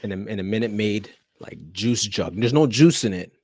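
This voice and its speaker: A man's voice: lowish voice, lively intonation, normal speed, background noise. A man, a teacher, telling a story in casual chat, laughing often and acting out the people in it.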